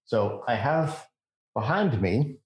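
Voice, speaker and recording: A man's voice: mid-range voice, lively intonation, slow pace, slightly rough. A man co-hosting a casual podcast, trading easygoing, opinionated banter. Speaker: podcast co-host. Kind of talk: casual chat.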